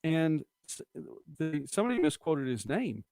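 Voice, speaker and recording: A man's voice: a little high, sing-song, moderate pace, a little mellow, dry recording. A middle-aged man hosting a casual live-stream, chatting and rambling as he reads viewer comments aloud. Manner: chatty, rambling, quotes movie lines. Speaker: host of a local live-stream show.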